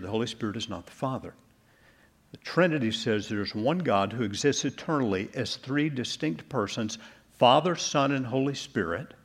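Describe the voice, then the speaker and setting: Husky-voiced man preaching a measured sermon. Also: mid-range voice. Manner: measured preaching with slowed emphasis on key words. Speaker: pastor.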